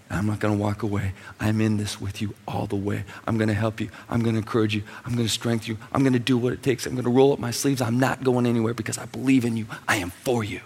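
A man speaking as a gentle, loving heavenly father in a soft, hushed, reassuring way, heard with long hall reverb. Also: lowish voice, gravelly, breathy edge, exaggerated voice.

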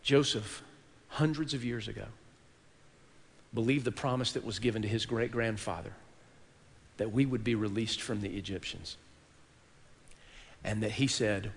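A man's voice: on the low side, moderate pace, vocal fry, pauses often. Dramatic male preacher in a reverberant church. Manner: dramatic storytelling, swinging from hushed to loud. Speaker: pastor. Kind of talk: sermon. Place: church worship hall.

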